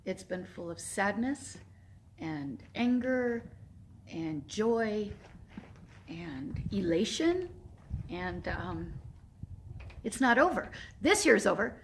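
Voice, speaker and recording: A woman's voice: a little high, a little hiss or hum. A woman in her fifties giving a casual, emotional video update, rambling and laughing often. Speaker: horse sanctuary founder. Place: Walnut Creek area.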